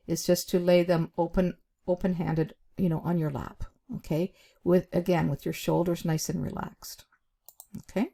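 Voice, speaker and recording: A woman with a low, mellow voice teaches interview skills to camera. She speaks deliberately, stressing key words and leaving short pauses. Her talk is chatty, with plenty of "um"s along the way. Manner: chatty, with frequent fillers. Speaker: job skills instructor.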